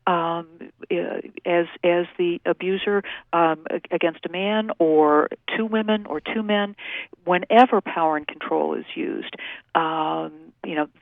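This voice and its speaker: A woman who works in domestic violence services, explaining things in a measured way with many fillers during a phone-in radio interview. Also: fairly low pitch, vocal fry, no echo. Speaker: domestic violence program staff. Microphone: telephone. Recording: tinny phone line.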